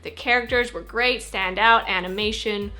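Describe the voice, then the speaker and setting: Bright-voiced chatty female reviewer. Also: medium pitch, steady tone, normal speed, faint music behind. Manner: chatty, with fillers and repeated qualifiers. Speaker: guest reviewer. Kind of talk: casual film review.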